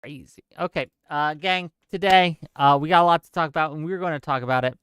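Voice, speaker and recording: Exasperated streamer with a smooth, dry voice. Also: medium pitch, a little fast, a bit bright, no echo. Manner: incredulous, laughs in disbelief; exasperated, many filler "okay?" tags. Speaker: live-stream show host. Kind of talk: live-stream commentary reading viewer chat.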